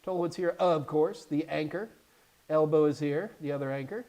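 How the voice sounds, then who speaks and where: Chatty man with a fairly high voice. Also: moderate pace. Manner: chatty and animated, with jokey asides. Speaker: host and IT certification instructor. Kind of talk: casual live Q&A stream.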